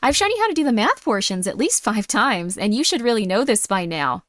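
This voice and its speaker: A woman's voice: on the high side, sing-song, brisk, a bit bright, no echo. A woman putting on a guilt-tripping angry mom. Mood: passive-aggressive. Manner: saccharine, passive-aggressive, scolding. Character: nagging guilt-tripping mother, middle-aged woman. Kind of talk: playful role-play.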